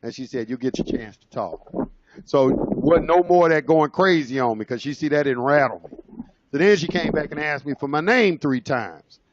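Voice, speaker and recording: A man's voice: fairly high pitch, expressive, moderate pace. Rambling man telling a story, dull audio. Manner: rambling, loose and conversational, many fillers and restarts. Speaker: presenter. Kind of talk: casual storytelling.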